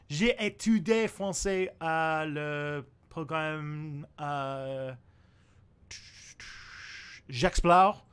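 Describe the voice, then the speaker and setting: A man's voice: fairly high pitch, fairly bright tone, smooth. A young man hosting a casual livestream, answering viewer questions in a rambling way, thinking aloud with fillers and restarts.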